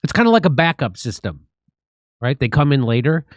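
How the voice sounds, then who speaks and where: Lively, sarcastic male comedy host. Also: mid-range voice, fairly quick, no echo. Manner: sarcastic, joking, mocking. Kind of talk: satirical commentary.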